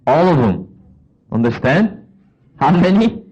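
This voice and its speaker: Animated male preacher, lively pitch swings. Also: takes it slowly, breathy edge, dull audio. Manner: animated, acts out voices of people and God. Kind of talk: sermon.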